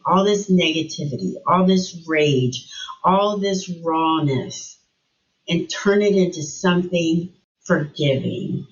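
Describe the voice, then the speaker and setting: A middle-aged woman, a guest in an interview, telling a personal story and acting out remembered dialogue with animated shifts in her voice. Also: low voice, lo-fi sound.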